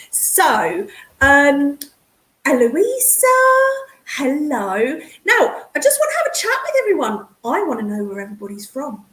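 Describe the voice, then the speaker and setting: A high, animated woman from the English Midlands hosts a chatty livestream at normal speed, using a computer mic on a streaming setup in an echoey room. Excitable and talkative, she chats casually with viewers, calling them darling and hun.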